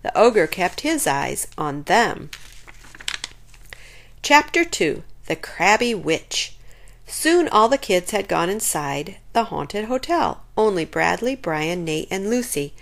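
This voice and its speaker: A woman reading a children's chapter book aloud in an expressive, lively way. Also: on the low side, takes it slowly, vocal fry. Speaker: storyteller.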